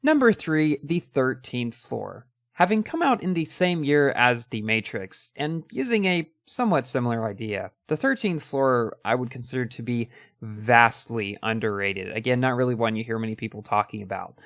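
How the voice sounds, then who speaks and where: A man's voice: mid-range voice, lively intonation, normal speed, a bit bright, dry recording, studio quality. A young man hosting a casual ranking of his favorite movies, talking with enthusiasm and a few ums and restarts.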